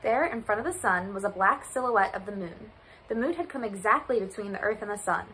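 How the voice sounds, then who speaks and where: A woman volunteer reading a children's picture book aloud in an expressive, storytelling manner. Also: mid-range voice, brisk, a little hiss or hum, low-quality recording. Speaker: volunteer reader.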